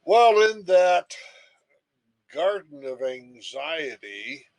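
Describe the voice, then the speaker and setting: Slow, emphatic male lecturer. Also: on the high side, sing-song. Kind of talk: recorded lecture.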